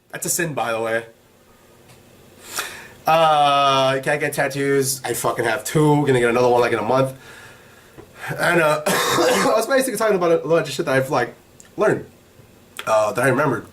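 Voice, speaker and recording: A young man hosting his own vlog, telling a story in a profane, rambling, animated way. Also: medium pitch, normal speed, pauses often. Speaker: vlog host. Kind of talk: casual storytelling.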